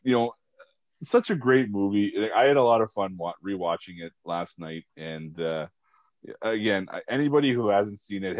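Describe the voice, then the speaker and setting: A man's voice: low voice, no echo, dull audio. A man hosting a casual podcast, chatting about movies and sports and rambling with many fillers. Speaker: podcast host.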